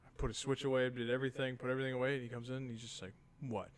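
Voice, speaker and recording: A man in his thirties co-hosts a podcast, telling a casual story in a racing, mid-range voice. He's an animated storyteller who acts out what people said.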